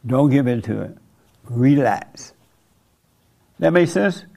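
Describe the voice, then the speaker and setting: A man's voice: medium pitch, expressive, slow pace, vocal fry, darkish tone. A man preaching an informal sermon to a small group, conversational, asking rhetorical questions and chuckling at his own points.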